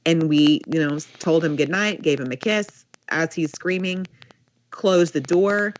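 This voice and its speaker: A woman's voice: sits low, a little slow, rough recording. A young woman co-hosting a podcast, animatedly telling a story in casual chat and saying "like" a lot. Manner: animated storytelling, heavy use of "like". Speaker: podcast co-host.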